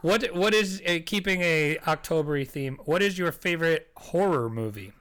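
A man's voice: fairly high pitch, lively intonation, moderate pace, a bit bright, clean tone. A man hosting a casual podcast chat, laughing easily and asking the questions. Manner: laughing, loose, asks the questions. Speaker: podcast host.

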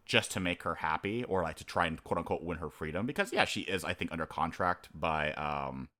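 Speaking a little fast in a low voice, this podcast co-host keeps things casual and lively. He acts out what characters said and how he reacted, laughing frequently.

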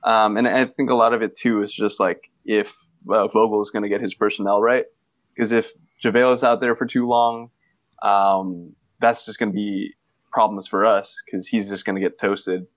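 A man's voice: lowish voice, flat delivery, moderate pace, dry recording, lo-fi sound. A man co-hosting a casual sports podcast, rambling and joking with lots of fillers. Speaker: podcast co-host.

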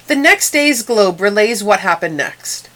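A woman's voice: mid-range voice, animated, unhurried, fairly bright tone. Woman narrating history with drama. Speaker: history segment host. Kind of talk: scripted narration.

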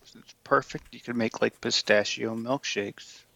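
A man's voice: medium pitch, fairly even intonation, measured pace, vocal fry, bright, forceful tone, no room sound. A man co-hosting a casual podcast over drinks, making dry jokes with hesitant fillers. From Tennessee. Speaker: podcast co-host. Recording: dull lo-fi sound.

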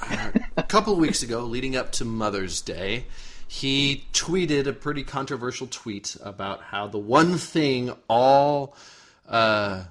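Podcast host guy steering the talk, laughs a lot, average pitch, on a call. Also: animated, measured pace, a bit bright. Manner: friendly, leads the conversation, laughs easily. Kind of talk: casual chat.

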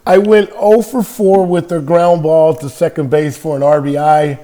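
A man in his sixties from California, a former ballplayer, telling stories in a relaxed interview with lots of fillers and laughs. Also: a little high, moderate pace. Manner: animated anecdote telling with frequent laughs and fillers. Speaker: podcast guest, former baseball player. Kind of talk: casual storytelling interview.

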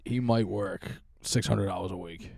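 A man with a Boston accent hosts a crude, sarcastic podcast chat. His voice is low and dark, and he talks in a gruff, profane drawl. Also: fairly even intonation, unhurried, no echo. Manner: gruff, sarcastic, swears freely. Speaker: podcast host. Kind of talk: casual chat, crude banter.

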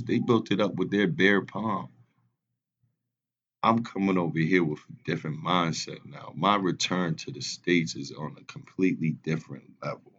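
A man in his twenties telling a family story in casual podcast chat, animated and laughing often. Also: deep voice, normal speed, slightly rough, highs cut off. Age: 20s.

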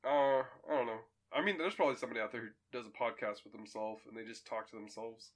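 A young man co-hosting a podcast, telling stories in an animated, laughing way. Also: mid-range voice, quick pace. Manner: animated and laughing, bursts of energetic storytelling. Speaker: podcast co-host. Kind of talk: casual chat.

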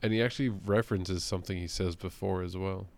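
Gravelly, low-voiced young man. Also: fairly even intonation, quick pace, a little mellow. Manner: profane, laughing, acts out quotes. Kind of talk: casual chat.

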